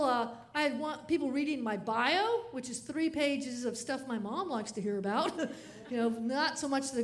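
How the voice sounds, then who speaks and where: High-voiced woman comedian, animated keynote storyteller who laughs between lines.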